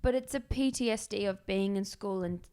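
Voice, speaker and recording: Expressive young woman host. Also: medium pitch, normal speed, clear, resonant tone. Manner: expressive, acts out quotes, whispers asides. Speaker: podcast host. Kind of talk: casual podcast conversation.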